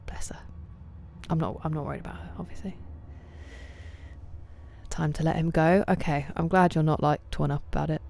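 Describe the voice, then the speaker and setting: A woman livestreaming a game late at night, casually answering viewers' chat messages by name and often slipping into a soft half-whisper. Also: sits low, fairly even intonation, moderate pace, creaky, long pauses.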